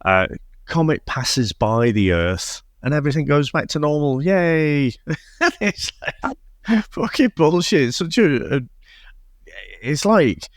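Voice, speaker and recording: A man's voice: a little high, big pitch swings, measured pace, no room sound, studio quality. A British man co-hosting a podcast, mocking a film with laughing banter and swearing. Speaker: podcast co-host. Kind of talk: casual film review chat.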